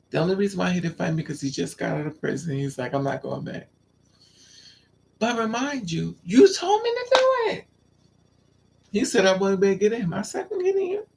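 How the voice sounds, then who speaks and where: A flamboyant man chats with his live audience in a fairly high, gravelly voice. He talks with sass, leaps into squeals and laughs, and drawls out his asides. Faint noise hums under the recording. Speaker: live stream host. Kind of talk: casual storytelling to live chat.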